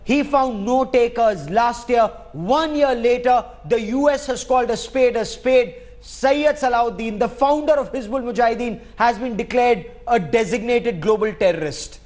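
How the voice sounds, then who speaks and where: Male debate anchor, very high pitch, combative, interrupting moderator. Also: moderate pace, few pauses, a little mellow. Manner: combative, interrupting, repeats names insistently. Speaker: news anchor.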